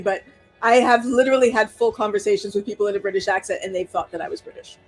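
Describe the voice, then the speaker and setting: A woman's voice: a little high, steady tone, quick pace, faint music behind, poor audio. A woman co-hosting a casual book discussion, chatty and amused. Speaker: podcast co-host.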